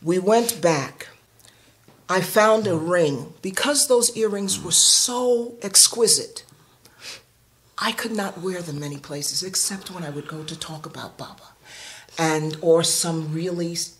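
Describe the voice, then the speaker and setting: A woman's voice: on the low side, a little slow. A woman from New York earnestly telling a personal story of faith, bringing each scene to life and quoting what others said. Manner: earnest, animated, acts out quoted speech. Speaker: devotee sharing testimony.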